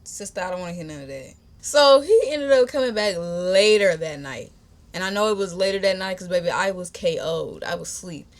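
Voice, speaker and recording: A young woman hosting a podcast, telling a personal story in a chatty, animated, slangy way and talking straight to her listeners. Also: lowish voice, brisk, slight background noise. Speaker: podcast host. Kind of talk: casual storytime.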